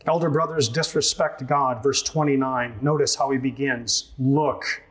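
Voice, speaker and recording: A man's voice: medium pitch, fairly even intonation, normal speed, a bit bright. Male pastor, mid-range voice, earnest and emphatic, drives points home by repetition. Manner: earnest, emphatic, repeats key phrases. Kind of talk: expository sermon.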